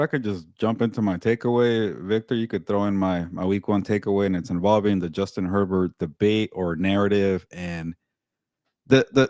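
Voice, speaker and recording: A man who reports on sports, talking casually on a podcast in a blunt, animated way with mild swearing. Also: on the low side, no echo, clean studio sound.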